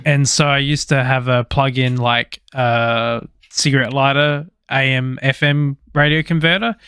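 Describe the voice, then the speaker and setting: A man co-hosting a podcast, chatting loosely with lots of fillers and the odd swear word. His voice is smooth and clear, recorded dry and close. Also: mid-range voice, measured pace, dry recording. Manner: relaxed, swears freely, rambling with fillers. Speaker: podcast co-host. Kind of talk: casual chat.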